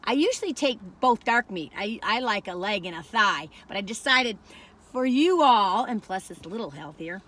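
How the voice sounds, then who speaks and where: A woman's voice: mid-range voice, animated, normal speed, a bit bright. A woman in her sixties rambles chattily through a food review, talking straight to her viewers from inside a parked car on a phone camera. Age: 60s.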